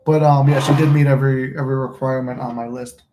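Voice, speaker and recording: Male host, rambling casual livestream talk, flat and mellow, roomy phone sound. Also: medium pitch, quick pace. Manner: rambling, loose and profane. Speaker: manifesting channel host. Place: room at home, smoking a cigar. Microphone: phone recording. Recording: echoey room.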